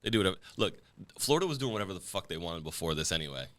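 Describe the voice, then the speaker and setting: A man hosting a podcast, trading quick jokes in a casual chat. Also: low voice, very animated, fairly bright tone. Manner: joking, quick banter. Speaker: podcast host.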